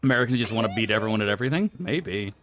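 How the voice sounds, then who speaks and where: A man's voice: on the low side, expressive, very fast. A man streaming a game, chatting loosely with his viewers and swearing freely. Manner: loose and rambling, swears freely, answers chat aloud. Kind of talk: casual live-stream chat.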